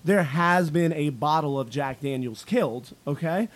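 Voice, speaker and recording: Late-20s man, high voice, profane rowdy storyteller, casual friend chat. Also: moderate pace.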